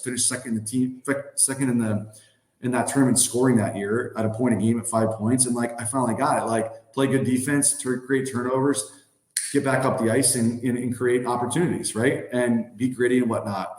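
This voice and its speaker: Man, 30s, podcast guest, casual storytelling, rambling with fillers, mid-pitched, roomy echo. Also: darkish tone. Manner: loose, rambling, many "like" and "you know" fillers. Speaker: podcast guest, former hockey player.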